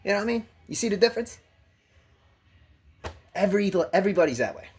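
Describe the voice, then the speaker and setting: A man's voice: high-pitched, expressive, fast talker, a little hiss or hum. A man talking casually to the camera in a blunt, profane rant, laughing now and then. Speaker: vlogger. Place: gym locker room.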